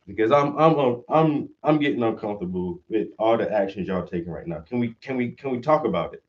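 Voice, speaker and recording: Animated, profane man ranting casually. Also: medium pitch, brisk. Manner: profane, animated, acts out quoted voices. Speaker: stream host. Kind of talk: casual rant. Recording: dull audio, mic at a distance.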